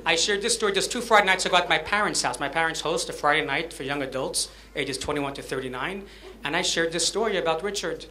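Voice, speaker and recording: A man's voice: a little high, fast talker, hardly any pauses, bright, forceful tone. A man, a rabbi, telling a story and welcoming a guest at a fundraiser event. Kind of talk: speech to an event audience.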